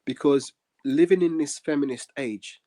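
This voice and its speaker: Mellow-voiced man explaining scripture. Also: a little high. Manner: earnest, measured, many "um" pauses. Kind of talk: religious podcast discussion.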